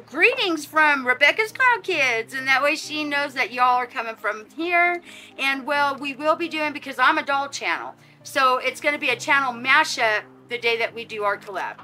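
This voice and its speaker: A woman's voice: high voice, bright, forceful tone. A woman vlogger chatting casually outdoors while unboxing gifts, gushing and exclamatory with lots of fillers, at times teary. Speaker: vlogger running a reborn doll channel. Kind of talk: casual happy mail unboxing.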